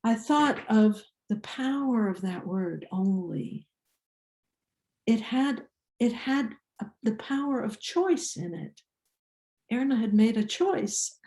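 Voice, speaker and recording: Slow, soft-toned Icelandic storyteller woman. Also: fairly high pitch, animated, roomy sound. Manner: slow, deliberate, with small restarts. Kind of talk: personal story told to an audience.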